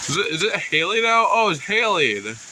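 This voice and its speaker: Young male vlogger, congested, excitable rambling, slightly high voice, faint background noise. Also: brisk. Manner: rambling, excitable, self-correcting. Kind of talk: casual narration while filming a storm. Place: indoors at home by windows.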